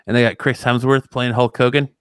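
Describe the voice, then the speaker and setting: A man hosting a casual podcast chat, relaxed and rambling. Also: mid-range voice, a little fast, smooth, no room sound. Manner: relaxed, with frequent fillers and restarts. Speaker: podcast host.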